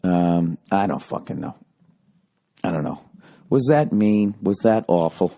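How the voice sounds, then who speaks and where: A man's voice: low voice, expressive, measured pace, gravelly, dark tone. A middle-aged man, telling a story on his podcast in a profane, sarcastic way. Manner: profane, sarcastic, acts out other people's voices. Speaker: podcast host. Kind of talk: casual storytelling monologue.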